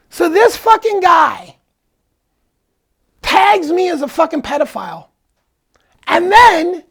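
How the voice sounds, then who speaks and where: High gravelly-voiced man, angry and profane. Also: a bit bright. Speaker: vlogger. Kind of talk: casual autobiographical storytelling.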